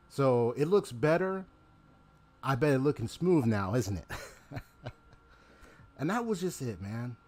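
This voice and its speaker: A man's voice: medium pitch, a little mellow. A man chatting casually to his live-stream viewers, rambling with lots of fillers and restarts, on a desk microphone at his home gaming setup.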